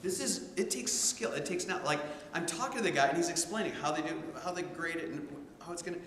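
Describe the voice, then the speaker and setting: A man's voice: on the high side, fast talker, a bit bright. Storytelling male teacher in echoey hall. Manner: storytelling, conversational with many restarts. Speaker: theology instructor. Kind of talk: informal class discussion. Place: classroom. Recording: echoey hall, faint room noise.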